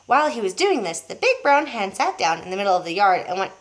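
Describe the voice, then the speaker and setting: A teacher reading a children's book aloud to young pupils, pausing to show the pictures. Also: female voice, mid-range voice. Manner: expressive, showing pictures as she reads.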